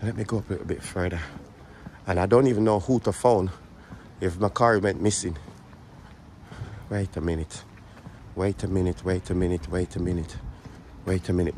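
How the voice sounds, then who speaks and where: A man's voice: deep voice, fairly even intonation, moderate pace, pauses often, a little mellow, slight background noise. A man with a Birmingham accent, chatting and joking to camera while walking outdoors, out of breath and repeating his phrases. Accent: Birmingham English. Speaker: vlogger. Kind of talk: walking vlog, casual chat to camera. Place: outdoors on city streets.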